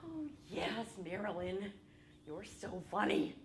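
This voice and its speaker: A woman on stage voicing her weary, apologetic mother, speaking softly and slowly in a solo show. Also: medium pitch, lively intonation, reverberant, a little hiss or hum, voice pushed down. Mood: regretful. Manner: soft, hushed and drawn-out. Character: weary apologetic mother, soft-spoken and sighing.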